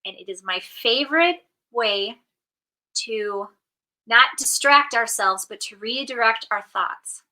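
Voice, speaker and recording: A middle-aged woman coach giving an animated motivational talk, acting out inner voices as she goes. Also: fairly high pitch, takes it slowly, low-quality recording. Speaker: positive intelligence coach.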